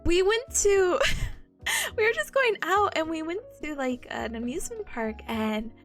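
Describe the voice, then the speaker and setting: A woman's voice: extremely high pitch, sing-song, measured pace, faint music behind. A woman chatting casually on a study live stream. She laughs often and breaks into squeals. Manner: giggly, bursts into laughter and squeals.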